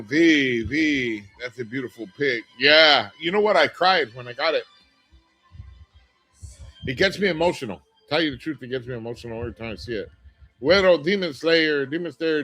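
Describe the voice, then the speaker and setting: A man's voice: mid-range voice, a bit bright, rough recording. A middle-aged man hosts a casual livestream in an ordinary mid-range voice, greeting viewers and reading their comments aloud. He talks candidly and rambles, with plenty of fillers and restarts. Faint music plays in the background. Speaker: livestream host.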